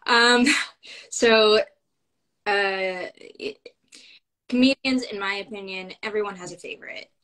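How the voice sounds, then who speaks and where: A woman's voice: medium pitch, slow pace, pauses often, sharp tone, low-quality recording. A woman talking as a guest in a casual conversation, enthusiastic and rambling, with many fillers and restarts.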